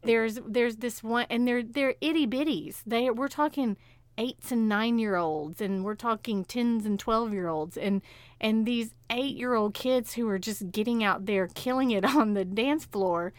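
A woman's voice: fairly high pitch, unhurried, dry recording. A woman co-hosting a podcast, chatting casually and animatedly about shows and laughing often. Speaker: podcast co-host. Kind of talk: casual chat.

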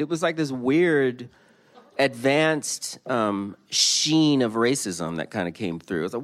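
A man, a poet, reading his prose aloud and then chatting casually about his art, animated and given to quick mimicry. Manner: animated, jumps into high-pitched mimicry of others. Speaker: poet and guest.

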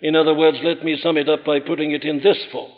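A man preaching a sermon in an emphatic, rhetorical manner, rising to forceful peaks. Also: a little high, flat delivery, fast. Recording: dull old recording in a large reverberant hall.

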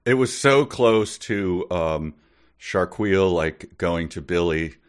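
Low-voiced male podcast co-host, dry and exasperated, quick to laugh. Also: expressive. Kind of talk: comedic book-reading podcast chat.

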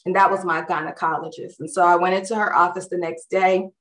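A woman's voice: lowish voice, fast. Woman telling a story, distant and roomy. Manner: animated, acts out others' words in quotes; conversational with frequent fillers. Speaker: storyteller recounting a personal experience. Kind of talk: casual spoken personal story.

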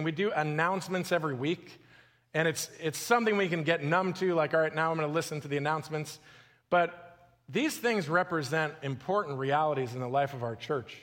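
A man's voice: on the high side, fairly bright tone. A man in his forties preaching a sermon as a pastor, talking in a loose storytelling way and often repeating words as he restarts. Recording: long hall reverb.

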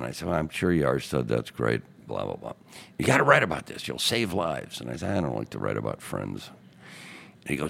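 Gravelly, deep-voiced older man spinning stories. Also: a little fast. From Chicago. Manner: animated anecdotes, acting out quotes in other voices. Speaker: newspaperman and radio host, podcast guest. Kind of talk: casual storytelling interview. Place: podcast studio booth.

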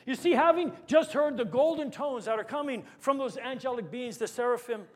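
High-voiced man preaching a sermon. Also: a little fast. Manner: dynamic preaching, dropping to hushed tones for emphasis. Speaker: pastor.

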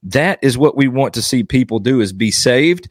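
A man's voice: mid-range voice, animated, normal speed, no room sound, clean studio sound. A man giving earnest devotional teaching as a Baptist preacher, exhorting his listeners and driving points home with repetition.

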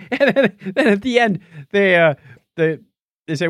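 A man chatting casually on a podcast, his voice swinging widely in pitch as he recaps scenes. He acts out quoted lines and laughs often. The sound is dry and close. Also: wildly swooping pitch, takes it slowly, pauses often, a bit bright, no room sound. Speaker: podcast host. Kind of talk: casual chat recapping a TV episode.

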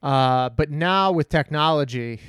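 A man, a comedian, rambling in casual podcast chat, self-deprecating and animated when telling stories. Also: fairly high pitch, measured pace, clear, resonant tone, no room sound, studio quality.

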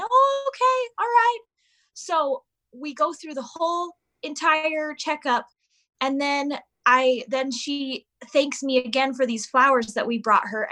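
Bright-voiced woman telling a story. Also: high voice. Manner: animated storyteller, acts out voices of her kids. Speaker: podcast guest. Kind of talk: casual chat.

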